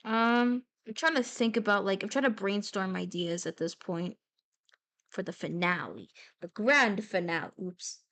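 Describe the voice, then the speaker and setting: Drawing during a live stream, a young woman chats playfully and rambles, with abrupt flashes of excitement. Her pitch is medium and her speech a little slow.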